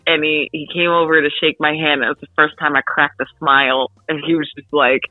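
A young woman from the Philadelphia suburbs, an actress guest telling an animated story full of fillers in an interview. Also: deep voice, a little fast, no echo. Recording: tinny phone-line radio, dry.

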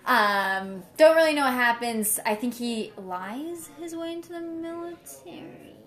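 A woman's voice: high-pitched, expressive, unhurried, a bit bright. Giggly young woman rambling casually. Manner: giggly, rambling plot guesses with silly voices. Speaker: co-host. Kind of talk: casual chat.

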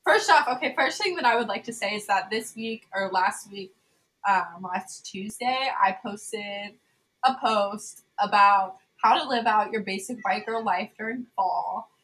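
A woman's voice: mid-range voice, measured pace, fairly bright tone, poor audio. A young adult woman co-hosting a podcast in casual chat, bubbly, laughing often and using many fillers. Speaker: podcast co-host.

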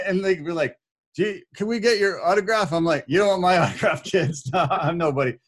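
Guy on a podcast telling a funny story, kinda high voice, laughing and doing everyone's lines. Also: a little fast. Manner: animated, laughs often, acts out quotes. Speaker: podcast guest, corporate speaker. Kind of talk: casual storytelling.

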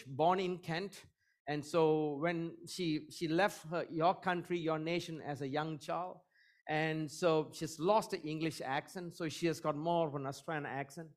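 A middle-aged man preaching as a guest, praying fervently and repeating God at the end of phrases, then telling joking, self-deprecating stories about his family. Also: on the high side. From Eurasian, half Portuguese half Indian. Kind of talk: sermon with prayer and personal stories.

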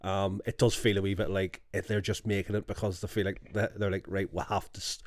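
Man, Scottish accent, low voice, sweary, chatty, dry recording. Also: level tone, brisk, no echo. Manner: sweary, storytelling, banter. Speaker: podcast co-host. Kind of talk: casual chat.

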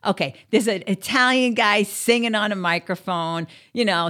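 A woman's voice: medium pitch, expressive, moderate pace, few pauses, fairly bright tone. A woman telling a casual story to the camera, chatty and blunt, with plenty of swearing and filler words.

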